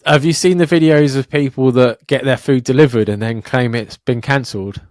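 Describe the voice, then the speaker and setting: Man, young adult, podcast co-host, sweary, animated, dry close sound. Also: medium pitch, moderate pace, no room sound. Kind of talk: casual podcast chat.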